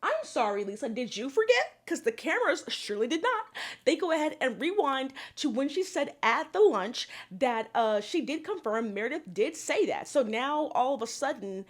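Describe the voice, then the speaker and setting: A woman's voice: sits high, sing-song, normal speed. A young woman giving a sassy, exasperated casual recap of a reality show, with profane asides.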